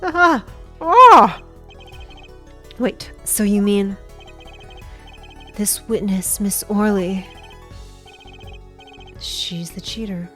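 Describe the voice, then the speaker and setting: A woman voicing an earnest young male defense attorney in a loud shonen-hero style, reading a game aloud. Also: mid-range voice, animated, drawn-out words, pauses often, faint music behind, full character voice. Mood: eager.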